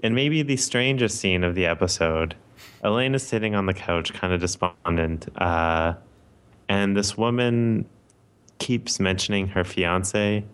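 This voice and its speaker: Low-voiced man recapping an episode. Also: measured pace, fairly bright tone, smooth. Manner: easygoing, hesitant, many ums. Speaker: podcast co-host. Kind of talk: casual chat, recapping an episode.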